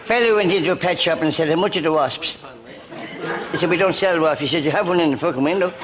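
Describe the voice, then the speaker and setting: An Irish man telling quick-fire jokes to an audience, cheeky and laughing at his own punchlines. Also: a little high, over loud music. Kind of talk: stand-up joke telling. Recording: noisy audience recording with laughter.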